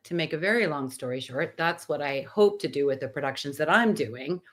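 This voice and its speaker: Woman, 60s, low voice, animated guest storyteller who acts out the lines. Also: fairly quick. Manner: animated, acts out quoted dialogue. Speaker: podcast guest. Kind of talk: anecdotal storytelling in conversation.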